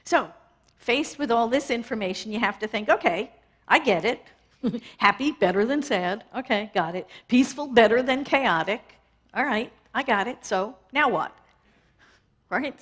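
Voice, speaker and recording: A middle-aged woman from New York, a minister, giving a conversational, lively sermon and often asking the audience "right?". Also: medium pitch.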